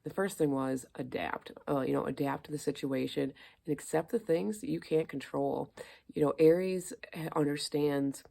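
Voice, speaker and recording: A woman's voice: sits low, vocal fry, mellow, husky. A woman astrologer talking casually, chatty, full of fillers and rhetorical questions, recorded indoors. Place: indoors among plants.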